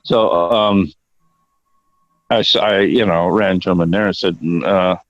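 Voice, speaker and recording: An older man with a deep, low voice tells stories as a guest, wandering into digressions and peppering them with curses. The audio is dull and lo-fi, with a dry, close sound. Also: steady tone, a little slow, a bit bright, no room sound. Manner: rambling and profane, prone to digressions. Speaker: interview guest, actor. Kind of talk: casual storytelling interview.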